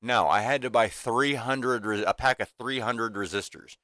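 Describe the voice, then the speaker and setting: A man's voice: mid-range voice, normal speed, pushed and bright, no room sound, clean studio sound. A man in his fifties venting casually to his livestream chat in a rambling way, full of restarts and fillers, from a small home workshop room. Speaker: livestream host.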